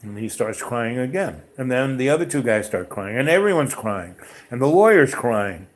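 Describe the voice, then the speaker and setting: A man's voice: mid-range voice, big pitch swings, moderate pace. Rambling man telling a story. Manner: rambling, full of fillers and restarts. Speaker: podcast host. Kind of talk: casual personal storytelling.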